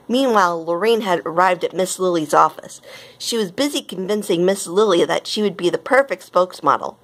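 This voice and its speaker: A woman reading a storybook aloud as narrator, with gentle, even pacing. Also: fairly low pitch, brisk.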